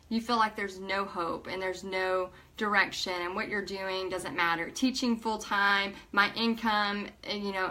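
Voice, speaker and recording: Woman near 40, bright tone, emotional storytelling vlog, acts out quotes. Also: mid-range voice. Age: almost 40. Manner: emotional, animated retelling with acted-out quotes. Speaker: paint party instructor. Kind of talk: personal storytelling to camera.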